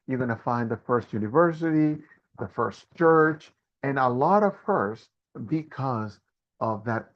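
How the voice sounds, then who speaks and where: Man, host of a live video Q&A, hesitant, fillers, slightly dull audio. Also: mid-range voice. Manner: hesitant, many fillers and restarts. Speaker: host and trip organizer. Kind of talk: live online Q&A presentation.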